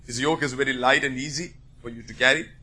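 A man preaching a sermon, emphatic and rising into forceful bursts. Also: mid-range voice, steady tone, quick pace, husky.

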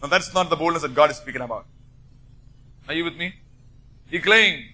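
A man preaching a sermon, emphatic and rising into forceful bursts. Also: a little high, fairly quick, breathy edge.

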